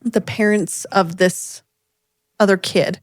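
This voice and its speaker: Woman, podcast co-host, casual storytelling, lively quoted voices, dry close sound. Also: slow, no room sound. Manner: animated storyteller, voices quoted people with jumps in pitch. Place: home room with dogs nearby.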